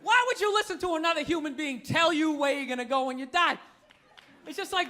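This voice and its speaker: High, bright ranting stand-up comedian man. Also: a little fast, a faint crowd, slight background noise. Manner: ranting, profane, exasperated. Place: comedy club stage. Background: audience laughter.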